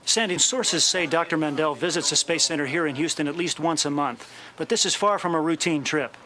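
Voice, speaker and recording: A TV correspondent at a space center, brisk and informative. His voice is bright, sharp and a little high. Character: male TV reporter at space center. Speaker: field correspondent. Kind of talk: scripted TV news report.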